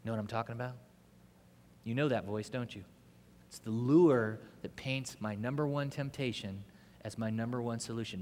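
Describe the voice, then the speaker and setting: A man preaching a sermon, telling a story with animation and swinging between loud bursts and hushed moments. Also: medium pitch, normal speed, a little hiss or hum. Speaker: pastor. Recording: echoey hall reverb.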